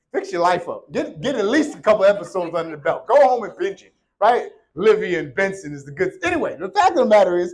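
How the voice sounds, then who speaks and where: Male pastor, high voice, casual joking sermon delivery in a church. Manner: playful, conversational preaching with call-and-response. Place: church sanctuary. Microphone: handheld or worn microphone.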